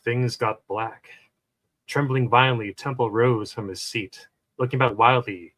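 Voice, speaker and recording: A podcast guest, a man, reads a short story aloud in a bright, forward voice. His pitch sits in the middle. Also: normal speed. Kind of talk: casual chat and reading a story aloud.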